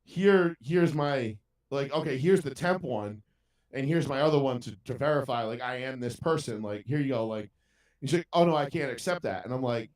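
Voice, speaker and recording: A man's voice: mid-range voice, moderate pace, a little mellow. A man telling a story in casual podcast chat, ranting with heavy profanity. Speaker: podcast co-host. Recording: roomy sound from a distant mic.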